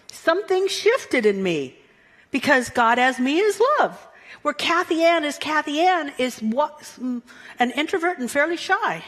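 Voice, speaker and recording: Bright-voiced woman minister preaching. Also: high voice, big-room sound. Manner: playful, animated, chuckles at her own asides. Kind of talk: Sunday sermon. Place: church sanctuary.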